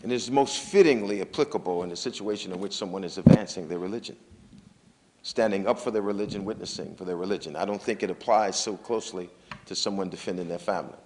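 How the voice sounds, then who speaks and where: A man's voice: low voice, quick pace, noisy background. A man giving a religious lecture in a conversational, reflective way. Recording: long reverb of a large hall.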